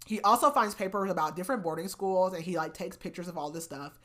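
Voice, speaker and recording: A woman hosting a book podcast, casually recapping chapters in a chatty way with lots of "like" and animated retellings. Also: on the low side, quick pace. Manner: chatty, heavy use of "like", animated retelling of scenes.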